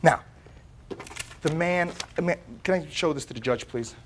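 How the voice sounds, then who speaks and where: A man telling his side of a dispute in a courtroom, in an animated way that often stumbles and repeats words. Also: a little high, moderate pace, a little hiss or hum. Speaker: plaintiff in a TV courtroom.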